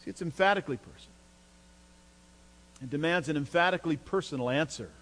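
A man preaching a sermon as a pastor, emphatic, his voice climbing in pitch and force when he drives a point home. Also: fast talker, a bit bright. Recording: long hall reverb with mains hum.

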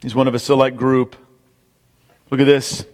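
A man's voice: medium pitch, level tone, normal speed, darkish tone. A man preaching a sermon, emphatic, repeating key points and speaking straight to the congregation. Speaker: pastor. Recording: long hall reverb.

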